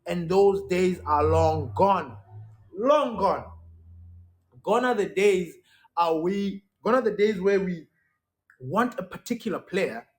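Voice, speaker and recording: A young adult man hosting a casual solo podcast, talking in an animated, emphatic way and repeating words for effect. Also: sits high, slow. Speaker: podcast host.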